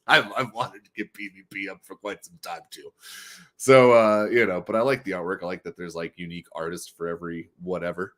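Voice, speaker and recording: A man hosting a casual livestream, rambling, laughing often, swearing and breaking into loud high bursts. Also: brisk. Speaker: livestream host.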